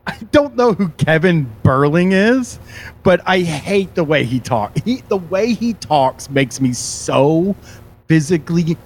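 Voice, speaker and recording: An exasperated man hosts a casual chat, swearing freely and breaking into laughs. His voice swings widely in pitch and sits a little high. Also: expressive, measured pace. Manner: exasperated, profane, laughing often. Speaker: podcast host.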